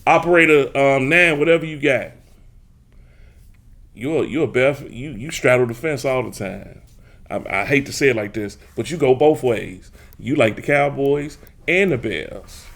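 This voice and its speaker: A man hosts a casual sports talk show. He teases and brags at rival fans, talking straight to the listeners at a medium pitch. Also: animated, moderate pace, creaky. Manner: teasing, boastful, talks straight to listeners. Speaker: podcast host.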